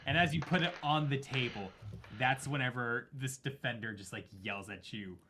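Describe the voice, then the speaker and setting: A man narrating a tabletop horror game as game master, halting and full of fillers and self-corrections. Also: medium pitch, background noise.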